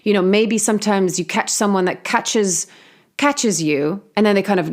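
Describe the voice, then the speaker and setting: A woman's voice: mid-range voice, moderate pace. A woman giving a reflective monologue on healing, talking earnestly and casually, with frequent fillers and the odd swear word. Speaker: spiritual healing host.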